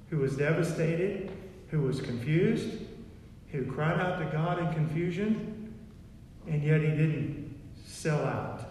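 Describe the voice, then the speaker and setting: A man's voice: fairly high pitch, a little mellow, a little hiss or hum. A man preaching a sermon in a repetitive, emphatic way, recorded in a church. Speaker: pastor. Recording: echoey hall from far off.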